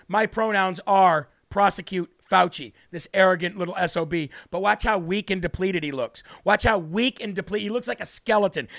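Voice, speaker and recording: A man's voice: high-pitched, creaky, fairly bright tone. A man hosting a live political talk show, ranting in a mocking, combative way and repeating lines for emphasis.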